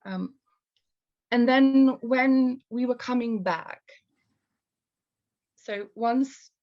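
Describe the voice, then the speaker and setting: This live storyteller from Kashmir has a slightly high voice and a lo-fi recording. Her delivery is calm and measured, turning hesitant and filler-heavy whenever she talks freely.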